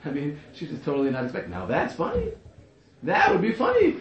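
A man's voice: fairly high pitch, wildly swooping pitch, brisk, long pauses, darkish tone. A man teaching a class in a humorous lecture, repeating phrases and chuckling at his own jokes. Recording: echoey room, muffled, faint hiss.

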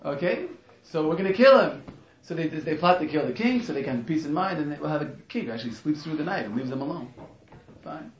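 A man teaching a lively, joking class on a religious text to students, acting out quotes with many restarts. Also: a little high, fast, echoey room. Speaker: Torah teacher. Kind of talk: lively informal class on the Megillah.

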